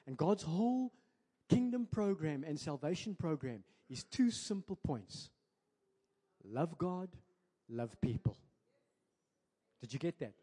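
A South African man preaching a sermon to his church, switching between English and Afrikaans and building to loud, emphatic peaks. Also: fairly high pitch, expressive, takes it slowly, long pauses, husky. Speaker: pastor. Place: church sanctuary. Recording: preacher in a large reverberant church hall.

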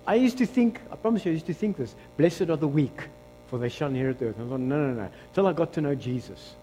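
A man with a South African accent preaching a sermon as pastor, switching between loud exclamations and quiet asides. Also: a little high, fast talker, big-room sound, slight background noise. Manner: animated preaching, shifts between shouting and hushed asides.

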